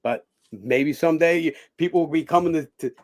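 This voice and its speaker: A man's voice: fairly high pitch, brisk. A middle-aged man, an actor and former boxer, chatting as an interview guest, rambling through stories with lots of fillers and restarts and casual swearing.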